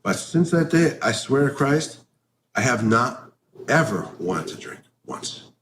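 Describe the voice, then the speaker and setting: A man's voice: mid-range voice, big pitch swings, measured pace, a bit bright. A man giving a candid interview answer about recovery, blunt and salty with his language. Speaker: interview guest. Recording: roomy echo with faint background noise.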